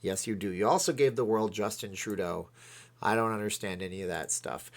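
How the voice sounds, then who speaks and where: A man from Canada hosting a livestream, chatting casually, rambling and reading viewer comments aloud. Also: on the low side. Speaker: livestream host.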